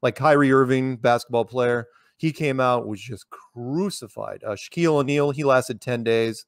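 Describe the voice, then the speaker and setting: A man's voice: medium pitch, normal speed, no echo, clean studio sound. An American man telling stories in a casual interview, rambling with many restarts and repeated words. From United States. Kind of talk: casual conversational storytelling.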